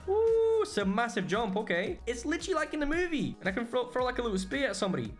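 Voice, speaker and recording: A man in his twenties from Portugal, giving excitable, exclaiming, slang-filled commentary over his own gameplay. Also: extremely high pitch, very fast, soft background music. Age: 20s. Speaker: gaming creator.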